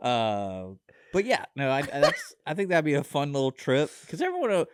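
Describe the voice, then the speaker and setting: Man, radio co-host, laid-back, jokey, laughs often, lively pitch, dry studio mic. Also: moderate pace, smooth, no echo. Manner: laid-back, jokey, calls people dude, laughs a lot. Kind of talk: casual chat. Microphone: studio microphone.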